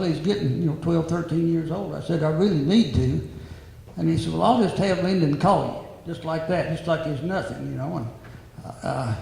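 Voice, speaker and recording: A man's voice: a little high, creaky, mellow. A man telling an easygoing, meandering story about selling a horse in an interview. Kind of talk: casual anecdote telling. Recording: very echoey hall with faint noise.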